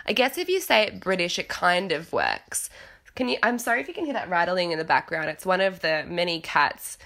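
A woman's voice: fairly low pitch, very animated, fairly quick, creaky, bright, forceful tone. A woman recapping a reality show at home, talking in a frank, chatty way and swearing casually. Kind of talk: casual chat. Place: home with cats nearby.

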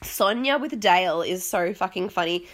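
A woman's voice: on the low side, expressive, moderate pace, fairly bright tone. A young Australian woman recapping a reality show in casual, rambling chat, sniffly and self-deprecating, with her voice tiring. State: sniffly, voice failing.

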